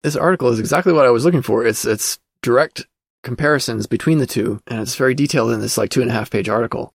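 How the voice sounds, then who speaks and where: A man's voice: mid-range voice, fast, gravelly, no room sound, studio quality. A man hosting a casual podcast, reading through an old magazine and commenting as he thinks aloud, with plenty of fillers. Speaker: podcast host.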